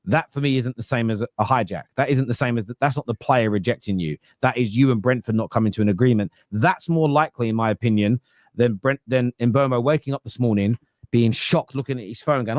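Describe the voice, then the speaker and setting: A man's voice: medium pitch, brisk, a little mellow, no echo, clean studio sound. A man hosting a casual football podcast, arguing emphatically and stumbling over repeated words as he starts sentences. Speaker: podcast host, fan pundit.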